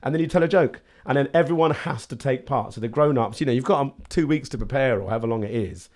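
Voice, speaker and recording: A man's voice: medium pitch, fast talker. A man in his late thirties, a podcast guest chatting casually and acting out little voices as he tells stories. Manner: animated storyteller who acts out little voices.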